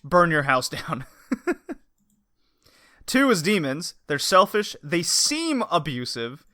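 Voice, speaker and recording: A man's voice: fairly high pitch, very animated, takes it slowly, sharp tone, dry recording, studio quality. A man co-hosting a podcast, chatting casually and animatedly, laughing and acting out quotes. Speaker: podcast co-host.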